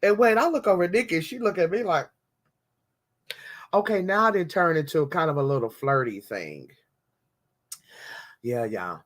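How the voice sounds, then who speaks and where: A woman podcast host in casual chat, telling lively stories and calling her listeners y'all. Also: sits low, moderate pace, long pauses. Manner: animated storytelling with slang, addressing listeners as y'all.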